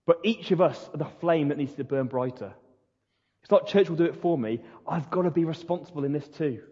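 A man's voice: fairly high pitch, fairly quick, mellow, husky. A male pastor preaching a sermon, retelling a story in an earnest, emphatic way. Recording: dull lo-fi recording in a reverberant hall.

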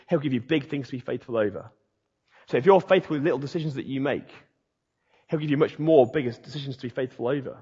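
A man preaching a sermon as the pastor, rousing and punchy, dropping low and quiet and then building up loud with repeated phrases. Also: husky. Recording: dull sound with long hall reverb.

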